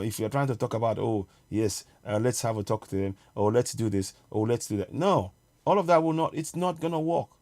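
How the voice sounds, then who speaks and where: A man hosting a political livestream, his voice pitched around the middle for a man. He hammers his points with repeated phrases and talks straight to the viewers. Every so often he breaks off to fumble with a clip on his screen. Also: creaky, darkish tone. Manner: urgent, repetitive, addresses viewers directly; pauses to fumble with on-screen media. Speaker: online show host.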